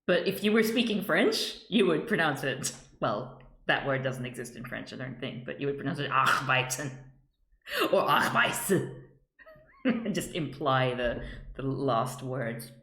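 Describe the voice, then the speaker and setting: A woman chatting casually on a live stream as she works, halting and laughing often as she greets viewers. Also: rumbling low, animated, a bit bright, echoey room. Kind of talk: casual live-stream chat while working.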